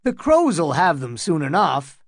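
A man's voice: fairly high pitch, wildly swooping pitch, a little slow, no echo, clean studio sound, full character voice. A man voicing a blunt, dismissive guardsman in an audiobook. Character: high-pitched male guardsman, blunt and dismissive.

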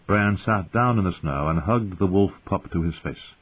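A man's voice: low-pitched, normal speed, husky. A man narrating a story expressively as an audiobook reader. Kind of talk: scripted narration. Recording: tinny phone-like sound.

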